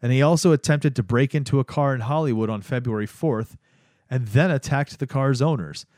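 A man's voice: medium pitch, fairly quick, darkish tone, dry recording, studio quality. A man hosting a casual history-of-the-day podcast, rambling with many fillers and restarts. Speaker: podcast host.

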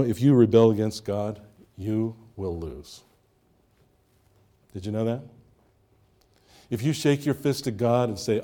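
Emphatic male pastor with a mellow voice. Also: medium pitch. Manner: emphatic preaching with rising and falling intensity, rhetorical questions. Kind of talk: sermon.

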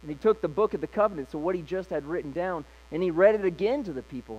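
Male pastor, sermon, slightly high voice, casual conversational retelling. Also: expressive, fast talker, hardly any pauses, a little mellow, muffled recording.

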